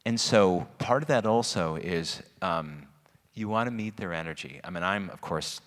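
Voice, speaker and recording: A middle-aged man speaking as a guest at a parent Q&A, chatty and animated, self-described as manic. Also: sits low, normal speed. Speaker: guest speaker on student stress. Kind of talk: informal parent-talk Q&A. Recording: long hall reverb.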